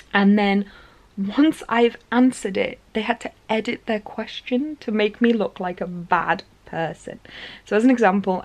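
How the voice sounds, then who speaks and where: A chatty woman vlogging straight to camera, retelling an evening out in an animated, conversational way. Her pitch sits in an ordinary middle range for a woman, and she speaks with an easy, informal manner. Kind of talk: casual storytelling to camera.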